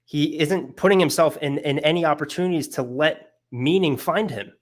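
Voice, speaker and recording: A man's voice: fairly high pitch, normal speed. A young man giving a casual philosophy lecture, earnest and emotional, with many fillers and restarts.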